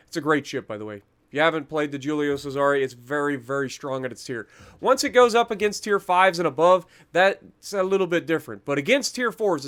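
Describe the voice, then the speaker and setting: High-voiced man chatting through game patch notes. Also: a bit bright. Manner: chatty, ranting, self-mocking, stumbles over names. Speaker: gaming channel host. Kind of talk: casual patch-notes commentary.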